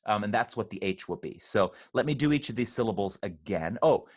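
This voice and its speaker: A man leading an online choir rehearsal, patiently explaining pronunciation and slowly demonstrating sounds. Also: on the low side, lively intonation. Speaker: choir director.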